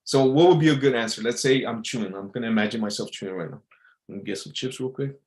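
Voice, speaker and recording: A man's voice: mid-range voice, fast talker, darkish tone. Rambling man in a casual monologue. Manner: rambling, many fillers and restarts. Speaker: entertainer.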